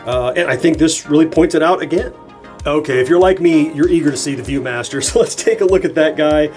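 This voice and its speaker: A man's voice: on the high side, a little fast. A man in his forties hosting a nostalgia channel, chatting enthusiastically while unboxing and thinking aloud. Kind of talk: casual unboxing narration. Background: soft background music.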